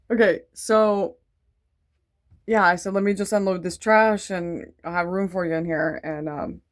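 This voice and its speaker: A woman with a slightly low voice tells her faith story casually. She rambles and wanders off track, leaning on "like" and "um", and stays earnest and devout throughout. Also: fairly even intonation, measured pace, pauses often. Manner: rambling and digressive, full of "like" and "um". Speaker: Christian testimony vlogger. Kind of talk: casual spoken testimony.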